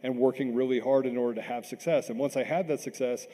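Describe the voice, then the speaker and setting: A middle-aged man from Washington, D.C. gives an impassioned talk as a panel guest. His voice is dark and mellow, and he doubles words when he is stirred. A long reverb from a large hall trails behind him. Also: medium pitch, steady tone, fast talker.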